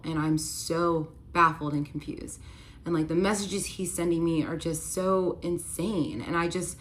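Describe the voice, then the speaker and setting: A woman's voice: sits low, a little hiss or hum. A young woman telling a personal story in a casual, chatty way, full of "like" fillers and acted-out dialogue. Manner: chatty, frequent "like" fillers, acts out quoted dialogue.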